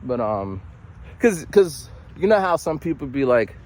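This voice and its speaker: A young man muses aloud in a loose, rambling vlog, his pitch swinging widely as he slips into little acted voices. His voice sits at an ordinary middle pitch. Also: unhurried. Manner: rambling, animated, full of restarts and acted voices. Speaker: vlogger. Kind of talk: casual monologue.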